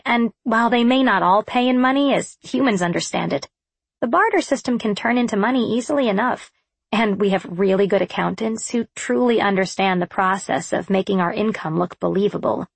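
A woman narrating a first-person audiobook in a wry, expressive storytelling voice. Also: mid-range voice, brisk, creaky, breathy edge, dry recording.

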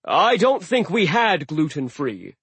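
Pompous, commanding sea giant deity a man puts on, raised and loud, with a husky edge. Audiobook figure. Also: on the high side, big pitch swings, takes it slowly, no echo, pitched above the performer's own voice, full character voice. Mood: genial. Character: booming ancient male sea giant god, vain and menacing.

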